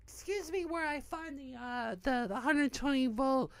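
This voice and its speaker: Speaking at a moderate pace in a high voice, a New Hampshire woman in her thirties who founded an online community rants bitterly. The recording has no echo, and her profane, rambling monologue keeps restarting.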